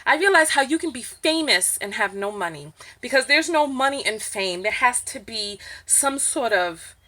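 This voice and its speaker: A woman with a New York accent, talking candidly to camera in an opinion vlog, emphatic and animated, rising to near-shouts when indignant. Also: a little high, normal speed. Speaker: vlogger.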